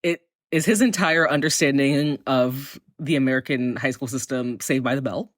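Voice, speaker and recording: A woman's voice: extremely low pitch, normal speed, dry recording, studio quality. A young woman co-hosting a podcast, speaking bluntly and dryly in casual chat. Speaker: podcast co-host.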